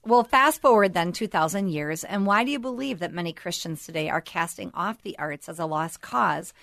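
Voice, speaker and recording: A woman's voice: lowish voice, lively intonation, moderate pace, creaky, fairly bright tone, no echo. A woman co-hosting a talk show, asking questions and responding with engaged affirmations. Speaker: co-host.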